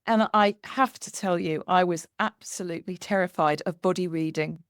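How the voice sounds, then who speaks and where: A woman hosting a conversation, telling a lively anecdote and acting out the dialogue as she goes. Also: lowish voice, moderate pace, clean tone, no room sound, studio quality. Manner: animated, acts out quoted dialogue with laughter. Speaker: podcast host. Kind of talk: storytelling in conversation.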